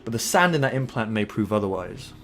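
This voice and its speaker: An Englishman reading out an eager young male field agent from a game, in a raised, excited way. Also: on the low side, brisk, faint music behind.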